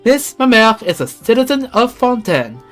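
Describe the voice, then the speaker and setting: A reader voicing a deadpan legalistic robot. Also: mid-range voice, moderate pace, faint music behind, voice pushed up, close to an everyday voice. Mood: stern. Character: stiff formal guardian machine. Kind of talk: fan voice reading of game dialogue.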